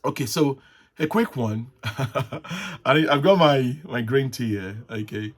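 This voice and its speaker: Man rambling in halting casual talk. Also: mid-range voice, animated, slightly rough. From Nigeria. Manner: rambling, halting, many restarts and chuckles. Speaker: host. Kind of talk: casual solo livestream talk. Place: at home, with tea.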